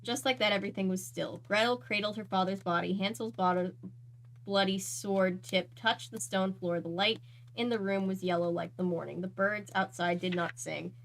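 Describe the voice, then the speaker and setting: Woman reading a dark fairy tale aloud. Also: mid-range voice, steady tone, moderate pace, rough recording. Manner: earnest, breaks off to react. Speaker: channel host reading aloud.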